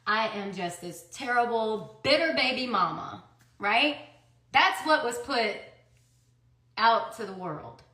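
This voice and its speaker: A woman's voice: a little high, lively intonation, takes it slowly, pushed and bright, reverberant. A woman telling her own story as a mother in a custody fight, with emphatic rhetorical questions.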